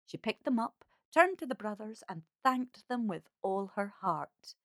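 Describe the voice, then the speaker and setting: A woman reading a fairy tale aloud as a calm, measured storyteller. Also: mid-range voice, dry recording, studio quality.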